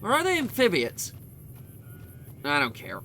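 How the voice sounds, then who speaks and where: A young man with a bright, sharp-edged voice rambles through a game playthrough, full of sarcastic asides. He pitches a bit high for a man, and faint noise sits behind him. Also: animated, unhurried. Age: young adult. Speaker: let's play commentator. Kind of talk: comedic game commentary.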